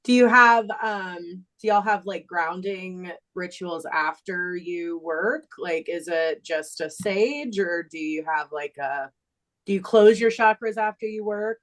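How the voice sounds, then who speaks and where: A woman co-hosting a podcast, chatting in a relaxed, rambling way. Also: lowish voice, unhurried, rough recording. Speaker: podcast co-host. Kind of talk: casual chat.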